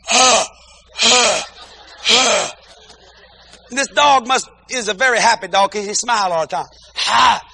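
A male preacher with a high, bright, gravelly voice tells comic stories from the pulpit. He is animated and keeps breaking into shouted exclamations and bursts of praise. His tone has a sharp, lively edge. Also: slight background noise. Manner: peppers talk with praise interjections. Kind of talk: comic storytelling sermon.

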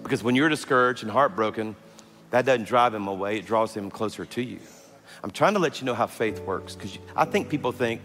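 A man, preaching a sermon as pastor, telling stories that move from loud and animated to hushed and tender. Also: medium pitch, fairly quick, vocal fry. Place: large church hall. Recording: long hall reverb with faint music.

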